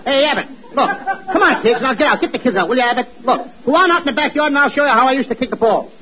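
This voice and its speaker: A man doing wisecracking, excitable radio comedy from the 1940s. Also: extremely high pitch, very fast, a crowd in the background. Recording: noisy, muffled old radio recording.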